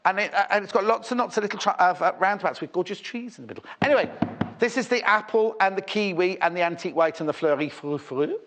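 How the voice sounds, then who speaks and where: A man's voice: sits high, fast talker, noisy background. A British man presenting on a shopping channel, chatting and rambling enthusiastically as he sells fabric live on TV. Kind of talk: live TV selling chat.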